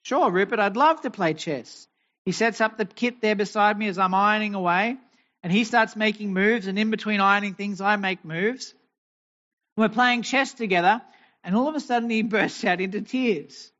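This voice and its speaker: Pastor preaching in a dull lo-fi recording. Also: male voice, high voice, moderate pace, sharp tone. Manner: asks many rhetorical questions; tells homely family anecdotes. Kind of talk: sermon.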